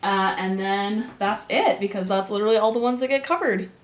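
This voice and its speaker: A woman teaching a grammar lesson with upbeat, animated energy and quick bursts of excitement. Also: mid-range voice, slight background noise. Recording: echoey room.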